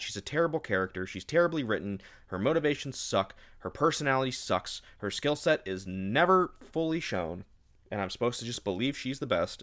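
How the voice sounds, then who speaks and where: A man giving a casual book review, rambling and sarcastic, exasperated by what he has read. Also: lowish voice.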